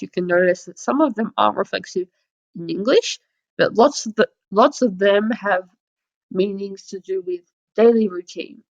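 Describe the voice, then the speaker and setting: A woman teaching a lesson over slides, explaining patiently and modelling example phrases. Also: mid-range voice. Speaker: French teacher. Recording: dull lo-fi audio.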